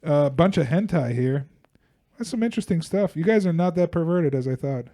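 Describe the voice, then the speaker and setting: A man with a voice pitched a little above the usual for men, trading crude jokes with his co-host. He teases and mocks in loose, profane chat and slips into brief put-on voices. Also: animated, warm tone. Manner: joking, mocking, profane, puts on quick voices. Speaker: podcast co-host. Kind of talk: casual comedic banter.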